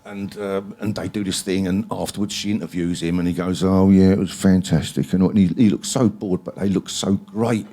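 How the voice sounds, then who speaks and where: A very low-pitched man, spinning rambling stories as an interview guest. He swears freely, fills gaps with ums and uhs, and talks as though to a live audience at a library event. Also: fairly even intonation, normal speed, few pauses, mellow. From England.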